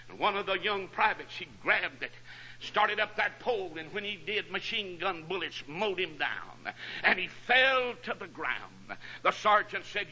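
A preacher delivers a fiery revival sermon, chopping his phrases with "uh" and building into shouts. His voice is high, very bright and husky. The whole thing sounds like a dull, lo-fi radio broadcast. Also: lively intonation, unhurried. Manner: punctuates phrases with "uh", rising to shouts.

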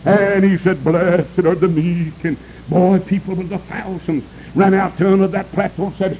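A man preaching a revival sermon, breaking into sudden high shouted cries and saying "uh" before nearly every phrase. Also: steady tone, moderate pace, hardly any pauses, a little hiss or hum, rough recording.

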